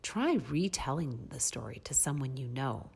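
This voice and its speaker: A woman reading a picture book aloud to children in a soft, breathy, expressive way, pausing to ask them questions. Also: a bass voice. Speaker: children's storyteller.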